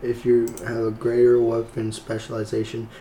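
A man playing a tabletop game, eager and excitable as he checks rules and rolls. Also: mid-range voice, moderate pace, reverberant, slight background noise. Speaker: player. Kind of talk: casual tabletop play.

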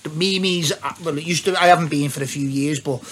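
A man's voice: fairly high pitch, quick pace, fairly bright tone, a little hiss or hum. A middle-aged man with a Liverpool accent, a podcast guest chatting bluntly in slang, calling people lad and mate. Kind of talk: casual chat.

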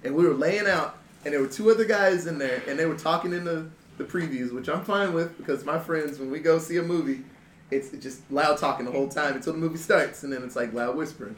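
A man with a fairly high voice tells stories in a laid-back, easy way among friends, laughing along as he goes. The sound is roomy, with an echo and faint noise behind him. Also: fast talker. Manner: laid-back anecdotal telling, laughs often. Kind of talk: casual group chat. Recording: roomy echo with noisy ambience.

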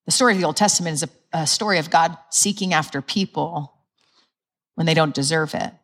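A woman delivers a sermon in a church with a fairly low voice. She is earnest, puts questions to her listeners and laughs at her own slips. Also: brisk, fairly bright tone. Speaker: preacher.

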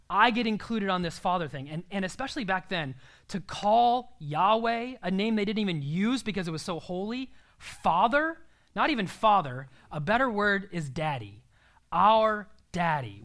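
A man's voice: high-pitched, fairly bright tone. A young man preaching a sermon in an earnest, emphatic way, sometimes dropping to a near-whisper.

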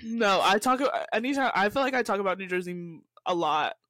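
A woman's voice: medium pitch, expressive, brisk, fairly bright tone, dry recording, studio quality. A young woman from California, co-hosting a podcast and telling stories in a rambling, casual way, acting out what people said with lots of restarts. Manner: chatty storyteller, quotes people in their own voices, frequent likes and restarts. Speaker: podcast co-host. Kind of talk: casual chat.

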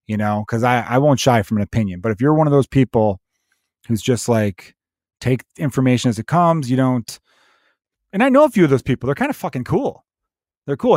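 A man hosting his own podcast, ranting in a profane, animated, conversational way. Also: mid-range voice, no room sound, clean studio sound. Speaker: podcast host, comedian. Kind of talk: solo podcast rant.

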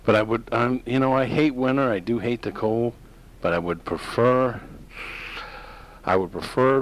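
A man's voice: medium pitch, poor audio. A man hosting a talk radio show, rambling through opinionated casual monologue with many fillers and restarts.

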